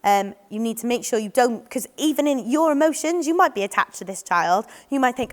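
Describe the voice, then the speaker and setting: A woman's voice: a little high, lively intonation, normal speed, hardly any pauses. A woman giving an informal training talk, with many ums and restarts, acting out what children and adults might say. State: voice a bit off today. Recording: long hall reverb.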